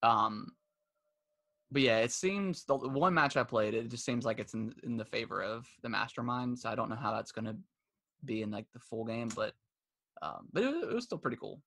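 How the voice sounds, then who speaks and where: Man, podcast co-host, casual and rambling, mid-pitched voice. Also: lively intonation, normal speed, vocal fry, fairly bright tone. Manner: rambling, many restarts and fillers; laughs while retelling stories. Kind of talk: casual chat.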